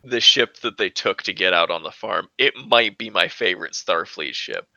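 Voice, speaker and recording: A man's voice: low-pitched, moderate pace, gravelly, bright, forceful tone, dry recording, dull audio. A man co-hosting a podcast in casual chat, laid-back, swearing and laughing often. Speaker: podcast co-host.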